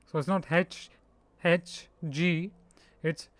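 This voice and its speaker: A man streaming a strategy game, speaking slowly and haltingly with a slightly high voice. He sounds out hard names bit by bit and laughs at his own slips. The sound is clear, close and dry. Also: no echo. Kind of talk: casual live-stream chat.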